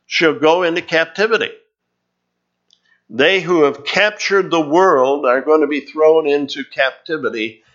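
Slow-talking male preacher, muffled recording. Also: mid-range voice, fairly bright tone. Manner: earnest teaching tone, reading scripture aloud. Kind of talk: sermon.

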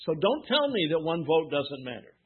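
A man preaching a sermon, asking his listeners questions and answering them with emphasis, pausing between phrases. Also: on the high side, sing-song, slightly rough. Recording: tinny phone-like sound.

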